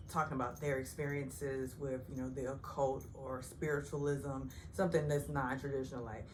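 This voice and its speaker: A woman recapping a reality TV episode in a chatty, sarcastic way, putting on high voices when she quotes the cast. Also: a bit bright, slight background noise. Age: older. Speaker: recap host. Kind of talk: casual TV recap vlog.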